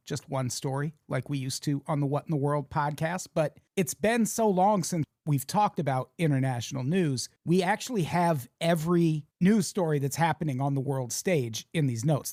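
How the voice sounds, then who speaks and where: A man's voice: fairly high pitch, a little mellow, no echo, clean studio sound. A man co-hosting a casual comedic news podcast, sardonic and profane, laughing often. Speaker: podcast co-host.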